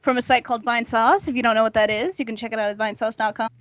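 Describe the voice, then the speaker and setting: A woman's voice: on the high side, fairly even intonation, racing, a bit bright, no room sound. A woman co-hosting a livestream, chatting in a bubbly way and laughing often. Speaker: co-host. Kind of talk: casual group chat on a livestream.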